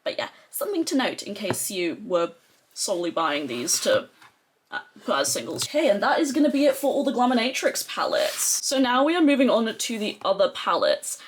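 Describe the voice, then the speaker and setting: A young woman with a husky voice chats her way through a casual beauty tutorial. Her pitch swoops up and down, and she fills her talk with excited asides and "like"s. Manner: chatty and excitable, with many "like" fillers. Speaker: beauty vlogger.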